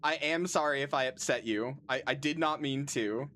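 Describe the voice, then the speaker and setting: A woman's voice: very deep voice, normal speed, noisy background. A woman in her thirties, a streamer in casual chat with her audience, rambling, swearing freely and making dry, self-deprecating jokes. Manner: self-deprecating and dryly joking.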